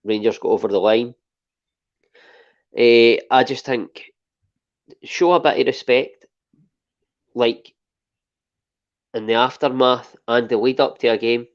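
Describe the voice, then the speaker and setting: A Scottish man talks football on a fan podcast in a measured, deliberate way, with the odd sigh. His voice sits at an ordinary middle pitch, and the recording sounds slightly dull and lo-fi. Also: fairly even intonation. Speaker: podcast co-host. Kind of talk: casual football chat.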